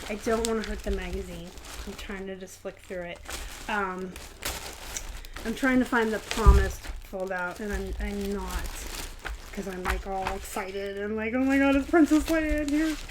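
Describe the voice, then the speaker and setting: A young adult woman hosting a live stream, excitedly unboxing a gift and chatting casually to viewers with frequent giggles. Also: mid-range voice, a little slow, noisy background. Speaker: host of a reselling channel, live show.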